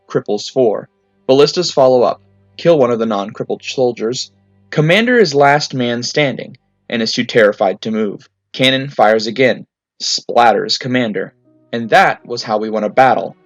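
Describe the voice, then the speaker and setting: A man narrating tabletop game stories in clipped, deadpan sentences at a mid pitch. The recording is slightly dull and muffled, with faint music running underneath. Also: dry recording. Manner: matter-of-fact, clipped deadpan delivery. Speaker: narrator reading fan stories. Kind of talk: storytelling reading.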